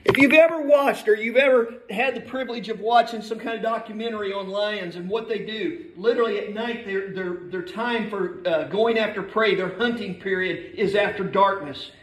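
A man's voice: high-pitched, moderate pace. A middle-aged male pastor preaching a sermon in a church, emphatic and building in force as he reads scripture aloud. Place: church sanctuary. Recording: echoey church hall.

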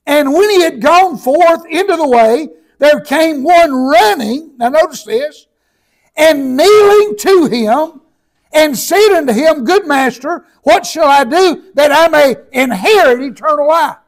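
A man preaching a sermon, reading scripture aloud slowly and breaking into shouts for emphasis, with many repeated words and filler sounds. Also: extremely high pitch, expressive, poor audio.

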